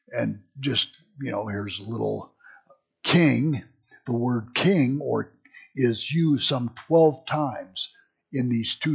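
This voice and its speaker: A man's voice: mid-range voice, creaky, breathy edge. A man teaching a Bible study in a rambling, conversational way, full of asides.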